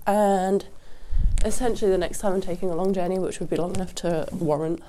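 A sick, sniffly woman hosts a rambling solo podcast outside at a windy horse yard, speaking casually and with plenty of swearing into a lapel mic clipped to her jacket. Her voice is fairly low and steady in tone, and she talks fairly quickly while wind noise blows behind her.

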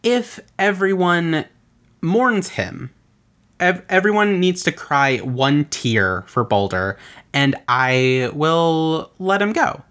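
A flippant, dismissive goddess of the underworld, as a podcast host puts her on during a retelling. She brushes off the request with casual, offhand agreement. The delivery keeps the host's own lively, swooping pitch. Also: slow.

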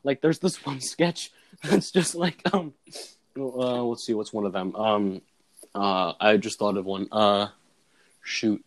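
A man's voice: lowish voice, slow pace, no room sound. A young man chatting casually, rambling with lots of filler words as he retells a comedy sketch. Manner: rambling, full of "like" fillers, laughs at his own story. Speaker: student describing his comedy sketch. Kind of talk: casual chat.

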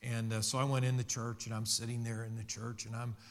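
A middle-aged pastor with a mid-range voice speaks briskly in a level tone while preaching a sermon. He shares a personal testimony earnestly and conversationally, restarting often.

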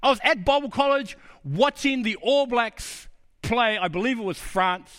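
A middle-aged man preaching a sermon, earnest and personal, telling his own stories and dropping to a low, quiet voice for emphasis. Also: normal speed.

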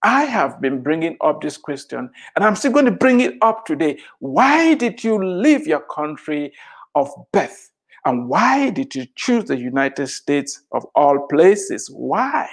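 A motivational speaker giving an emphatic address, repeating phrases for effect and firing rhetorical questions, shifting between loud and soft delivery. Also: mid-range voice, big pitch swings, unhurried, husky.

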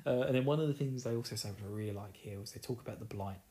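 A man's voice: medium pitch, fast, warm tone. A man with an Essex accent recapping a fantasy novel in casual chat, joking, laughing and acting out characters' lines. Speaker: book recapper.

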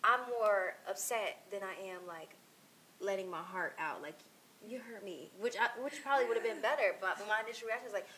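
A woman co-hosting a casual faith talk show, blunt and animated, laughing often. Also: medium pitch, fairly quick, a little hiss or hum. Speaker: co-host.

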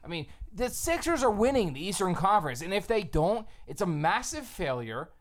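A fired-up man co-hosting a sports podcast, swearing freely as he rants at speed. His pitch jumps around constantly as he pushes each point. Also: sing-song. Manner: profane, fast, emphatic ranting. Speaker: podcast co-host.

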